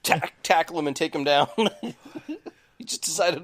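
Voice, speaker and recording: A man co-hosting a casual podcast in a studio, telling animated stories and swearing freely. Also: fairly high pitch, a little slow. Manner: animated storyteller, swears, shouts quoted lines. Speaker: podcast co-host. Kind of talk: casual chat, storytelling.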